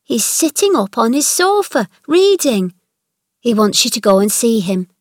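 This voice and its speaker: A woman's voice: fairly high pitch, sing-song, measured pace, darkish tone, no room sound, clean studio sound. A woman reading aloud, voicing a chatty, kindly young housemaid passing on household gossip. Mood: pleased. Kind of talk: read-aloud storybook dialogue.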